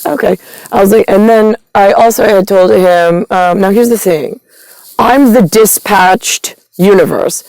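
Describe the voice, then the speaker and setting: A woman's voice: medium pitch, a little mellow, smooth, no echo, low-quality recording. A woman telling a long, rambling personal story, retelling conversations line by line, with many fillers and restarts. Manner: retells conversations with quoted dialogue.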